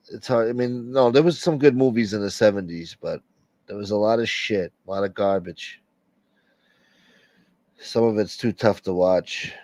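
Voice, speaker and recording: The livestream host's fairly low voice sounds a little mellow, with no room sound in the recording. He reads viewer comments and rambles casually, with heavy profanity, in a late-night stream chat.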